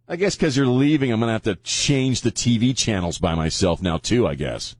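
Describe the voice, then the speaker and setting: A man's voice: fairly low pitch, animated, a little fast, hardly any pauses. A male radio host in casual on-air banter, teasing and sarcastic, often laughing. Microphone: studio microphone.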